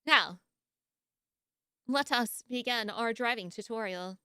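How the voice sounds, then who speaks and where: High bright playful streamer woman. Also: slow, clean tone, dry recording, studio quality. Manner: playful and jokey, laughs often; sleepy, yawning. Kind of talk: casual live-stream chat.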